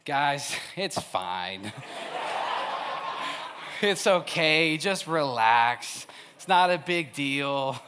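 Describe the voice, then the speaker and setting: A man voicing a calm, laid-back young male friend who speaks slowly and soothingly. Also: fairly high pitch, noisy background, pitched below the performer's own voice. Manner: slow, soothing and unbothered.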